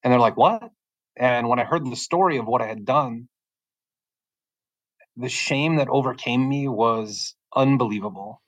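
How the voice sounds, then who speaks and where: A middle-aged man gives a personal faith testimony as a guest, and his voice is emotional and halting. He stumbles and repeats words while he searches for what to say next. His voice sits at an ordinary pitch, and the recording is dry and close. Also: a bit bright, dry recording, rough recording. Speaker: podcast guest giving testimony.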